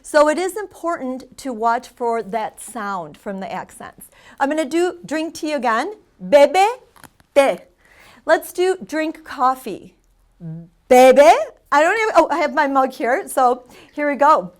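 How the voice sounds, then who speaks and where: Woman, high voice, chatty teacher, loud repeated drills, casual community TV lesson. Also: expressive, unhurried. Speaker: Spanish teacher and show host.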